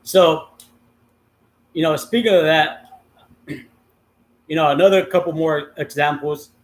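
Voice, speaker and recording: Speaking slowly and pausing often, this middle-aged man has a fairly high voice with fairly even intonation. As a livestream host, he rambles casually through a long story, swearing freely and using many ums and uhs.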